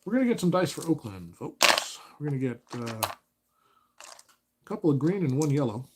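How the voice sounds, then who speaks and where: A man hosting a tabletop baseball replay at home, talking through the game in a relaxed mock announcer delivery with dry asides. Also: on the high side, moderate pace, very noisy.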